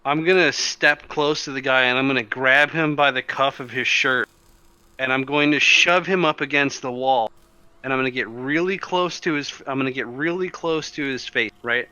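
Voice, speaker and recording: Forceful man with a bright voice, lo-fi. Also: mid-range voice, moderate pace, clear, resonant tone, no room sound. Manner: blunt, forceful, describing his actions. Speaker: player. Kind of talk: casual tabletop play.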